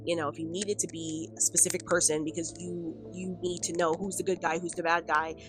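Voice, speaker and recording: Rambling woman vlogger, lowish voice. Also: level tone, brisk, over music. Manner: rambling, filler-heavy with frequent "like" and "um"; chatty, laughs between points. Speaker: video commentator. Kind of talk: casual commentary vlog. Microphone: camera on a stand.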